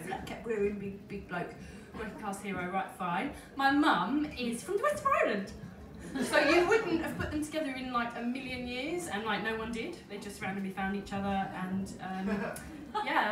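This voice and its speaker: A woman's voice: fairly high pitch, noisy background. A woman in her thirties performing spoken-word comedy on stage at a poetry night, chatty and self-mocking, recorded through a distant stage mic in a roomy venue with the audience audible. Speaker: performance poet.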